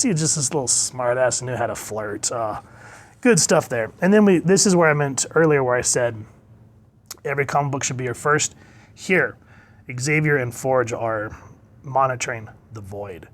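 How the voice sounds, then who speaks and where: A medium-pitched man rambles through a casual comic book review, chuckling, stopping to look things up, and openly gushing about the storytelling.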